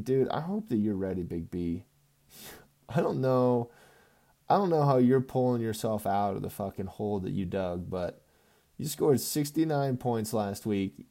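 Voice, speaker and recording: A young man casually recapping his fantasy football league for his friends, swearing constantly and swinging between mumbled asides and loud ribbing. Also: mid-range voice.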